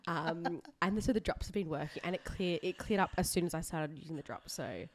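A woman's voice: on the low side, fairly quick. A young woman co-hosting a podcast, telling chatty stories with laughs. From Australia. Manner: chatty, animated storytelling with laughs. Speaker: podcast co-host. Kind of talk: casual chat. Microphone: remote call.

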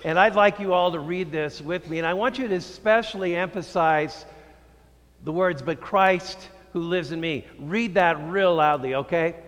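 A male pastor delivering a sermon, preaching slowly and emphatically with drawn-out phrases. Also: sits high, a bit bright, big-room sound. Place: church sanctuary.

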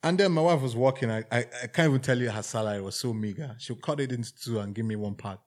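A Nigerian man in his forties recounting his hustle years in a loose, chatty interview. He talks with plenty of energy, drops "bruv" often and slips into other people's voices to bring a story alive, all in a voice of middling pitch. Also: fast talker. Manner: animated storyteller, acts out quoted voices, says "bruv". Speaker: podcast guest, music executive.

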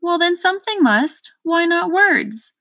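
A woman's voice: high voice, lively intonation, unhurried, no room sound, clean studio sound, voice pushed up. A woman voicing an eager, triumphant male undersecretary who exclaims.

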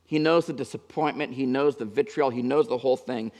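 A male pastor delivering a sermon with dynamic delivery, moving between emphatic and hushed passages. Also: mid-range voice, fairly quick. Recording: long reverb of a large hall.

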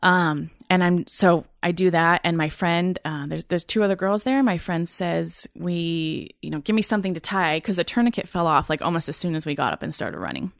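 This is a woman in her thirties telling her own story as a guest in a sit-down interview. Her voice sits slightly low and is recorded close and dry, with no room sound. She speaks earnestly but haltingly, often pausing, restarting and reaching for words. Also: animated, vocal fry, dry recording. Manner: halting, earnest retelling with frequent fillers and restarts. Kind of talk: personal testimony in a sit-down interview.

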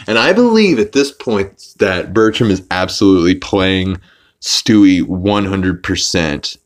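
A young man hosts a podcast and recaps an episode in a loose, rambling way. He swears freely and often restarts his sentences mid-thought. His voice sits a little on the low side. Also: expressive, a little slow. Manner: rambling, profane, frequent restarts and fillers. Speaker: podcast host.

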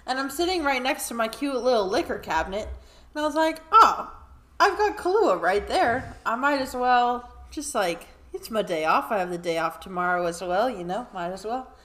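A woman's voice: fairly high pitch, lively intonation, a little fast. A woman co-hosting a casual podcast, chatting and laughing as she acts out characters' lines. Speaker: podcast co-host. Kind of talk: casual chat recapping a cartoon episode. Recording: roomy echo.

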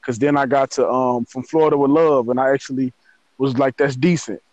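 A man's voice: mid-range voice, fairly even intonation, a little fast, darkish tone, no room sound, muffled recording. A man co-hosting a casual music review chat, blunt and dismissive in a loose slangy way.

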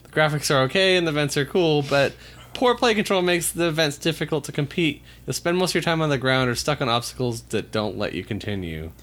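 A man's voice: on the high side, lively intonation, fairly quick, a bit bright. A man reading old game reviews aloud on a casual podcast, breaking off into crude jokes. He talks loosely and laughs often. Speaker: podcast co-host.

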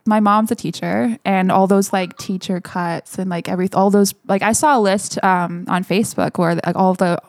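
A woman's voice: medium pitch, moderate pace, hardly any pauses, no echo, studio quality. A woman, chatting casually and energetically, laughing often and saying "like" a lot. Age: 20s. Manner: energetic, laughing, heavy use of "like". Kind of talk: casual chat.

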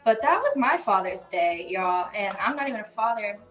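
A woman's voice: mid-range voice, expressive, normal speed, fairly bright tone, soft background music. A woman hosting a podcast in casual chat, talkative, swearing freely and poking fun at herself. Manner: chatty, swears freely, self-mocking. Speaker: podcast host.

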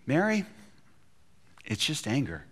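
A man's voice: mid-range voice, wildly swooping pitch, slow, breathy edge. A man preaching a sermon, retelling a scripture story and acting out the quotes with feeling. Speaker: pastor.

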